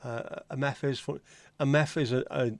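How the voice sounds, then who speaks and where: A man's voice: mid-range voice, fairly even intonation, moderate pace, creaky, no room sound. A man with a Liverpool accent hosting a casual livestream chat, joking, swearing freely and greeting viewers by name. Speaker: livestream host.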